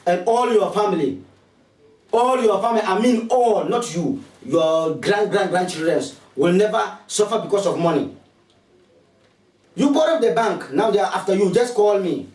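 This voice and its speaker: Ghanaian man, high-pitched, preachy and repetitive, coaxing pitch, echoey room. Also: expressive, normal speed, a little mellow, far from the mic. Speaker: spiritualist advertising his services. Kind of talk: promotional appeal to viewers.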